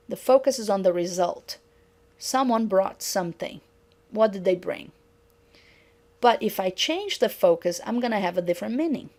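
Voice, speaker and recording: A woman's voice: medium pitch, animated, a little mellow. Woman lecturing on intonation. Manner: reads example sentences slowly and clearly. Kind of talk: recorded lecture on pronunciation.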